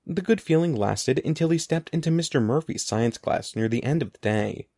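A man narrating a children's storybook aloud in an expressive, animated way. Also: a little high, normal speed. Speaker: audiobook narrator.

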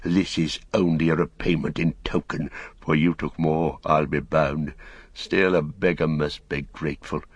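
A man voicing a bitter, fallen old wizard who talks slowly and mockingly, in an audiobook reading. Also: a bass voice, steady tone, slightly rough, no room sound, full character voice. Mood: scornful. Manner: slow, sneering, mocking.

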